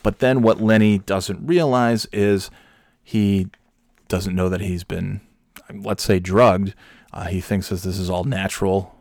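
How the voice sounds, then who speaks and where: A man telling a comic story recap in a rambling, hesitant, deadpan way. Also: deep voice, unhurried, dry recording, studio quality.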